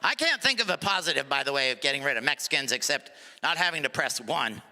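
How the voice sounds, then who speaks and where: A middle-aged male stand-up comedian performing a live set, sarcastic, sometimes dropping to a low mutter for asides. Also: lively intonation, fast talker, creaky, bright, forceful tone, a little hiss or hum. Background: audience laughter.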